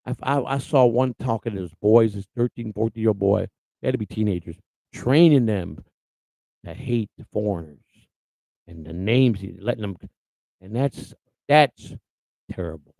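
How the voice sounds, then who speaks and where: A man's voice: on the low side, normal speed, gravelly, pauses often, warm tone, no echo, low-quality recording. A man hosting a livestream who talks casually in a rambling, blunt way with many restarts. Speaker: host.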